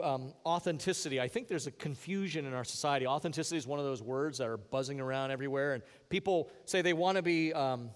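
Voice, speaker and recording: A man with a fairly high voice delivers a sermon in a warm, conversational way, leaning hard into key phrases. He talks to the congregation like friends. The sound carries the long reverb of a church sanctuary. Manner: earnest, conversational preaching with rising emphasis. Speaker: pastor.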